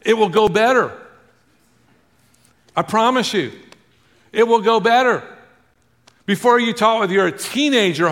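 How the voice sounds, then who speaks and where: A male pastor preaching a sermon to a congregation, drawing responses and swinging from loud emphasis to hushed. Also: very high voice, normal speed, long pauses, in a large hall.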